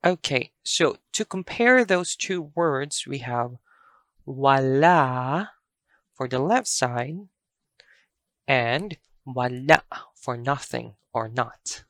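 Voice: mid-range voice, animated, slow pace, fairly bright tone, no room sound, clean studio sound. A language teacher giving a pronunciation lesson, patiently spelling words out letter by letter and repeating each example.

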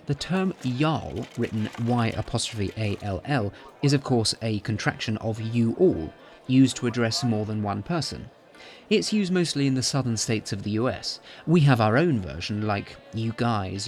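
A man in his thirties hosting a podcast, narrating in a playful, chatty way with theatrical asides. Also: medium pitch. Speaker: podcast host. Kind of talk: scripted comic narration.

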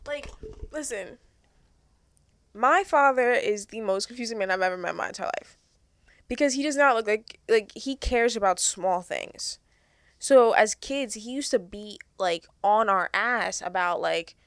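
A young woman talking fast and animatedly in a casual podcast chat, swearing often. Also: a little high. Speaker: podcast co-host.

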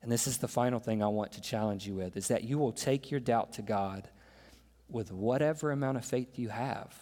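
A man's voice: mid-range voice, moderate pace, warm tone. A man preaching a sermon as pastor, impassioned, asking the congregation rhetorical questions. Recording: long hall reverb with faint music.

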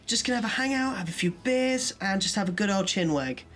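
A man from the UK co-hosting a casual podcast over a remote call, chatty and quick to laugh. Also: sits high. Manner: chatty, laughs easily, excitable. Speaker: podcast co-host. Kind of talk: casual chat.

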